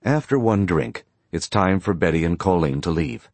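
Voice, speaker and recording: A man narrating a story in a steady, plain storytelling manner. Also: low-pitched, normal speed, dry recording. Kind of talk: audiobook narration.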